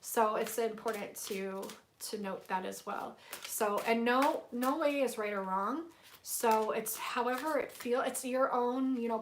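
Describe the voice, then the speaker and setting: A woman giving a live spiritual tarot reading to her viewers, soft-spoken and gushing, with many fillers and easily moved to emotion. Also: on the high side, noisy background. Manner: emotional, tearful at moments. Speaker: tarot reader hosting a livestream.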